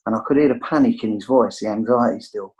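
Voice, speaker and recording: A man's voice: lowish voice, quick pace, darkish tone, poor audio. A middle-aged English man with an English accent, telling his recovery story over a video call in a rambling, candid way full of fillers. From England. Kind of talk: casual storytelling.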